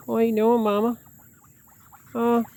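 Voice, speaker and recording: A man's voice: very high voice, completely flat delivery, takes it slowly, creaky, warm tone, slight background noise, voice pushed up, heavily acted. A man voicing a male goose teasingly scolding his mate in sing-song questions.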